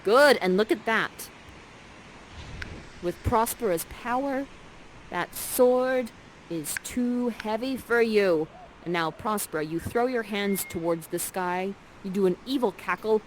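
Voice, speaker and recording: A woman's voice: medium pitch, a little slow, rough recording. Woman guide, upbeat theatrical direction of an interactive scene, slight faint noise. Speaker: actor guiding participants through an interactive show.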